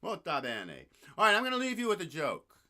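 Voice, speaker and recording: Guy hosting his show, rambly and sweary, voice bouncing all over, kinda high. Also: huge pitch swings, brisk, sharp tone. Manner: loose, rambling, swears freely. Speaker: podcast host. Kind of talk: casual chat and joke telling.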